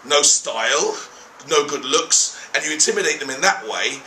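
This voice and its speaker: A man's voice: fairly high pitch, moderate pace, vocal fry, reverberant, a little hiss or hum, low-quality recording. A man telling a story casually, swearing freely and acting out the people in it. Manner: animated, profane, acts out quoted people. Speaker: travel documentary host.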